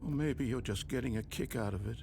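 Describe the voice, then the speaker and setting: A man's voice: a little fast, background noise, natural voice. An actor playing a wistful, needy middle-aged male narrator in a video game, pleading one moment and passive-aggressive the next. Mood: hurt. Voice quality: lively, expressive pitch. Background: clear game music.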